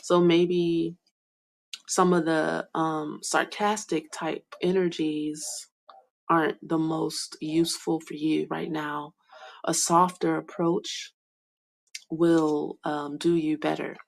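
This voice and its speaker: A young woman giving a soft, hesitant spiritual card reading, full of fillers and whispered asides. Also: low voice, level tone, slow, creaky. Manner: whispers names to herself while reading cards. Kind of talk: slow meandering card reading monologue.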